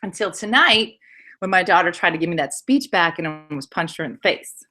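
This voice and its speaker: A woman's voice: lowish voice, brisk, noisy background. A woman comedian and show host telling a rambling, comic story to friends over wine in a living room. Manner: animated, rambling anecdote with asides.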